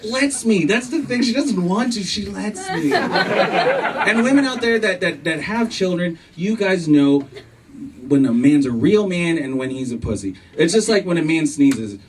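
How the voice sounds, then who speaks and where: A man's voice: high voice, very animated, measured pace. Male comedian, profane, self-mocking, acts out both sides of arguments; distant club recording with room noise. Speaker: stand-up comedian. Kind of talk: stand-up comedy set. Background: audience laughter.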